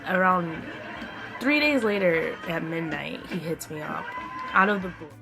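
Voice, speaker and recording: A woman's voice: lowish voice, a little slow, gravelly. Chatty young woman vlogger over music. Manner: chatty, animated storytelling with many "like"s. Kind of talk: story time vlog. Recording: music playing behind the voice.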